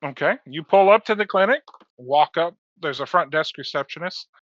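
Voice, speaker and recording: A man narrating a tabletop game as game master, relaxed and hesitant with many fillers, heard over a dull online call. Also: a little high, normal speed, no echo.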